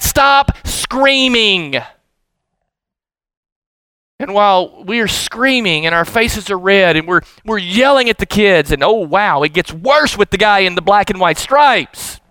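A middle-aged man preaching a sermon with animated, emphatic bursts. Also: high-pitched, dry recording, poor audio. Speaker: pastor.

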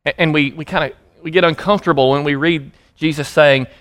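Animated preaching man, fairly high voice. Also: a little fast. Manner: animated preaching, acting out quotes with sudden emphasis. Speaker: pastor. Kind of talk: sermon.

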